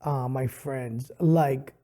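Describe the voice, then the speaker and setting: A middle-aged man from Hawaii, a comedian telling stories in an animated way with many fillers, on a studio podcast mic. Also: mid-range voice, drawn-out words. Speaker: comedian and guest. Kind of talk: casual interview storytelling.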